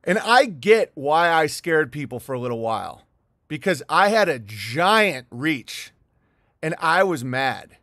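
A man's voice: on the high side, big pitch swings, measured pace, pushed and bright, no room sound, studio quality. A middle-aged man hosting a livestream, talking in a heated, profane, rambling monologue with frequent restarts. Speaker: livestream host. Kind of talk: rambling livestream monologue reading viewer chats.

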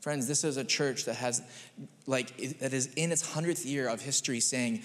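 A man's voice: medium pitch, normal speed. A man in his thirties, a pastor giving a chatty, story-driven sermon. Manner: chatty, storytelling, animated voices. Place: church sanctuary. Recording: long church-hall reverb.

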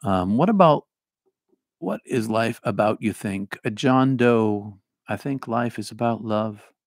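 A middle-aged man with a faint Boston accent, hosting a casual livestream and reading viewer comments in an animated, rambling way that restarts often. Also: on the low side, takes it slowly, dry recording, clean studio sound. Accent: Boston, mostly trained out. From Boston area.

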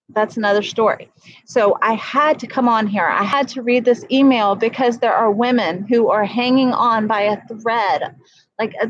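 A woman's voice: medium pitch, no echo, highs cut off. Earnest woman praying on a livestream. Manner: earnest, repeats phrases for emphasis. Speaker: livestream host sharing a prophetic word. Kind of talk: casual faith talk and spoken prayer.

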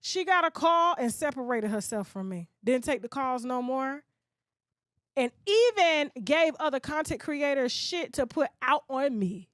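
A woman gossip blogger delivers a blunt, profane ranting monologue, mockingly mimicking other people. Her high voice has lively intonation, a slightly slow pace, and a bit of brightness. The studio-quality recording has no room sound.

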